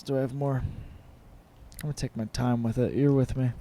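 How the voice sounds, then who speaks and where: Rambling, profane man with a mellow voice. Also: medium pitch, little pitch movement, a little fast, long pauses, no room sound. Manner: rambling, profane, self-mocking. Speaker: podcast host and comedian. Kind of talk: casual solo podcast chat.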